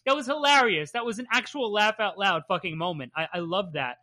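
A podcast co-host in casual chat about comics, measured and candid, with a playfully sarcastic streak. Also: medium pitch, bright, forceful tone.

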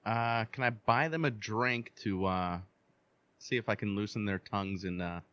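A man with a fairly low voice plays his character in a tabletop role-playing game. He talks in a relaxed, drawling way. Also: normal speed. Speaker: player. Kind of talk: casual tabletop play.

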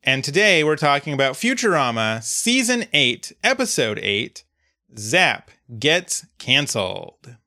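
A man's voice: mid-range voice, sing-song, a little slow, pushed and bright. A man hosting and editing a podcast, chatting casually in a dry, wry way. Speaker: podcast host and editor. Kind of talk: casual chat.

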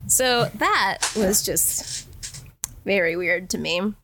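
A woman co-hosting a podcast, chatting casually and reading novel excerpts, animated, exasperated and swearing freely. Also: medium pitch, slow, a little hiss or hum. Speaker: podcast co-host. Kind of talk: casual book-club chat.

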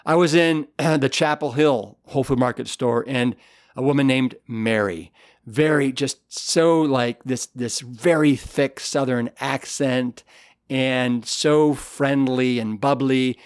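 An author being interviewed as a guest tells stories in a medium-pitched voice, taking it slowly, with studio-quality sound and no echo. He's earnest and enthusiastic, his speech full of fillers and restarts in a conversational storytelling interview.

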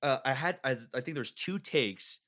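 A man's voice: mid-range voice, expressive, moderate pace, fairly bright tone. A man hosting a podcast, chatting casually in a rambling, profane way full of fillers. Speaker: podcast host. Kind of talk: casual chat.

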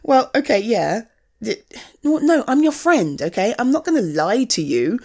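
A woman's voice: a little high, sing-song, unhurried, darkish tone, exaggerated voice. A woman playing a young woman's blunt best friend in a one-sided audio role-play, swearing freely and giving frank tough love. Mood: blunt caring. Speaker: friend talking to the listener.

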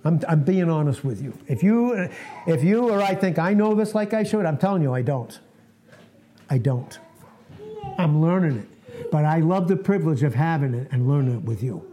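Earnest man in his sixties, mellow voice. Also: a little high, expressive, moderate pace, slight background noise. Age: 60s. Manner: earnest, conversational, laughing at himself. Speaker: preacher. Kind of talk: informal sermon to a fellowship.

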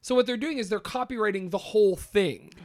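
A man's voice: high voice, fairly quick, a little mellow, no echo. A man co-hosting a podcast in casual chat, joking, laughing often and swearing casually. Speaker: podcast co-host.

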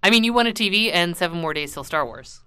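A woman co-hosting a casual chat, blunt and quick to agree, laughing often. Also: fairly low pitch, animated, pushed and bright, clear, resonant tone, dry recording. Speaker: podcast co-host.

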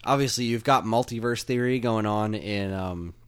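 A man with a slightly low voice chats about television as a podcast co-host. He rambles with lots of restarts and fillers, getting animated as he goes. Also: moderate pace, smooth. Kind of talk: casual chat.

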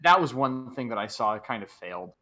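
A young man with a bright, sharp-edged voice joins in a loose podcast conversation. He cuts in eagerly and leans hard on "like" as he talks. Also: mid-range voice, very animated, fairly quick, slight background noise. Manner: chatty, interjects, heavy use of "like". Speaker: podcast co-host. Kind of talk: casual chat.

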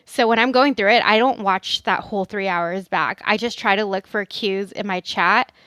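A woman's voice: medium pitch, moderate pace, fairly bright tone, no room sound, clean studio sound. A woman guest on a podcast who streams, talking in easygoing, giggly casual chat.

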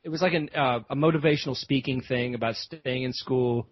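At a slightly fast clip and medium pitch, a man hosting a podcast tells a casual, rambling story packed with fillers and restarts. The recording has a dull, lo-fi podcast sound.

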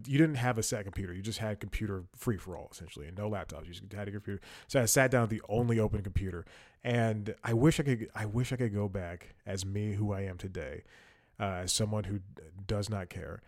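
A man's voice: lowish voice, fast, a little mellow, no echo, studio quality. A young man telling a work story in a casual podcast monologue, rambling with fillers, restarts and wry laughs. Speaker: podcast host.

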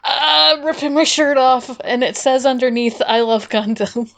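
A young woman co-hosts a casual podcast, her voice sitting a little high as she talks. She gushes with excitement and swears freely. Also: measured pace, vocal fry. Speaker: podcast co-host. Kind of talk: casual chat.

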